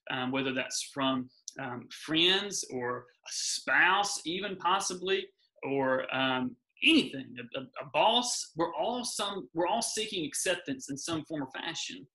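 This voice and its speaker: A man's voice: a little high, pushed and bright, poor audio. A man speaking as a guest in an earnest, encouraging faith talk, often repeating his key phrases.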